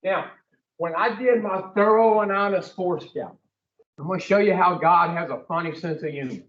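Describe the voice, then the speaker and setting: A man's voice: high-pitched, normal speed, fairly bright tone, roomy sound, recorded from a distance, highs cut off. A man giving a blunt, profane recovery talk to a group, telling his story and putting questions to the room. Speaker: recovery speaker.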